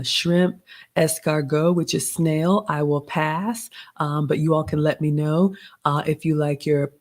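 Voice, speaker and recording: A middle-aged woman, a little raspy today, hosting a casual live stream and chatting through a menu with etiquette tips. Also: low-pitched, darkish tone. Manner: chatty, gives etiquette tips, addresses viewers as y'all. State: slightly raspy. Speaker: host of a live stream reviewing a restaurant menu.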